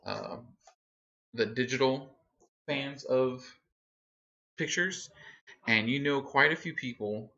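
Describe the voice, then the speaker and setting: A man game-mastering a tabletop session, his voice bright and forward. He narrates the scene easygoing and unhurried, with plenty of fillers. The sound is muffled, lo-fi stream audio. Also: mid-range voice.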